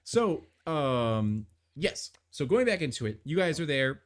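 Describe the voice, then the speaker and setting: A man's voice: on the high side, very animated, a little slow. A man narrating as game master of a tabletop game on a live stream, rambling with many fillers and restarts.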